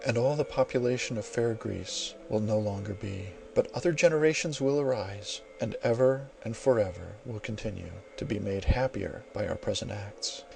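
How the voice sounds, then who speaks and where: A man's voice: on the low side, creaky, a little mellow, a little hiss or hum, poor audio. A man voicing a fiery proud general. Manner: declamatory, impassioned, grand oaths. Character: proud, fiery male general, raging and vowing.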